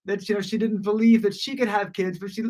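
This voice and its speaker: A woman gives a relaxed spoken lesson on a page of Talmud. She explains things conversationally, leaning on "you know" and often restarting her sentences. Her pitch sits in a middle range. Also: quick pace. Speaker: Talmud teacher.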